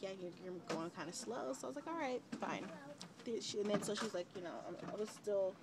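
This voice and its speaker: A young woman talks straight to her camera, telling a personal story in a loose, chatty way. She leans on fillers and acts out what people said. Steady background noise sits under her home-video recording. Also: on the low side. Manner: chatty, relaxed retelling with many fillers and quoted dialogue. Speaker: vlogger, mother of twins. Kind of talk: casual storytelling.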